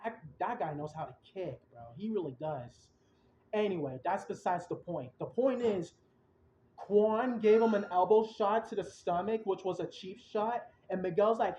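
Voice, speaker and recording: A young man hosting a podcast, excitedly retelling events in a rambling, casual way with slang. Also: high voice, moderate pace, slight background noise. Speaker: podcast host. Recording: roomy, dull lo-fi sound.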